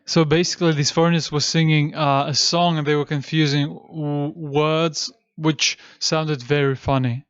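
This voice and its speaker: A man teaching a class who slowly repeats chanted syllables and tells listeners when to breathe in and out. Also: a little high, little pitch movement, clear, resonant tone, no echo. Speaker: esoteric teacher. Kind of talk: slow lecture with chanted syllables. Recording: dull, dry, muffled recording.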